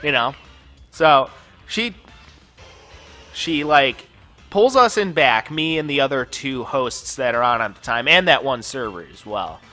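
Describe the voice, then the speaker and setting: A man's voice: medium pitch, expressive, a little slow, long pauses, bright, forceful tone, faint music behind. A man hosting a gaming channel, telling a long personal story over gameplay in a casual, profane, ranting way full of filler words.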